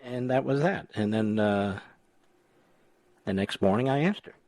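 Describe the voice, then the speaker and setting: A man's voice: on the low side, measured pace, no echo. A man in his sixties hosting a talk radio show, chatting casually and telling stories with dry jokes. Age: 60s. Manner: wisecracking, lively storyteller. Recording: dry studio sound.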